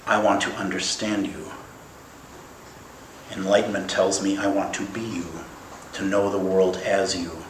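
A man's voice: sits low, measured pace, pauses often, slight background noise. Playful Zen teacher man, roomy. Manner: animated, playful, laughs often. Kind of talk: dharma talk. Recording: echoey room, mic at a distance.

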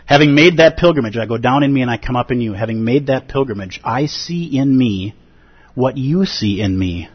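Man, Buddhist dharma talk, earnest, expressive, dry close sound, dull lo-fi recording. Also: mid-range voice, slightly rough, dry recording. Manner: earnest, expressive, acts out feelings with gasps and pauses. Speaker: Buddhist teacher.

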